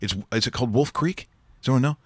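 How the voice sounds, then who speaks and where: A man's voice: mid-range voice, fast talker, dry recording. A man hosting a sports talk show, joking and rambling in casual studio banter. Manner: jokey, rambling, with frequent restarts and laughs. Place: radio studio.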